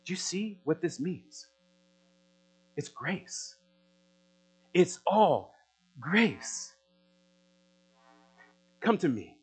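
A man with a somewhat high voice preaches a sermon at an unhurried pace. He swells into loud, rising appeals, then drops low and quiet to press searching questions. A faint electrical hum runs underneath. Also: very animated, husky, low-quality recording. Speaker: pastor.

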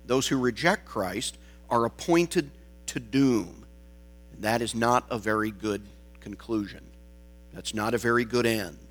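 Slow, deliberate preaching man. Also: mid-range voice, fairly bright tone. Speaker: pastor. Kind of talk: sermon.

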